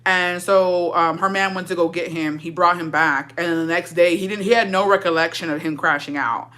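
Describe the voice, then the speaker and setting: A woman's voice: on the low side, steady tone, brisk, fairly bright tone. A woman telling a casual storytime vlog in a blunt, heavily profane way, switching between English and Spanish slang. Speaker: vlogger.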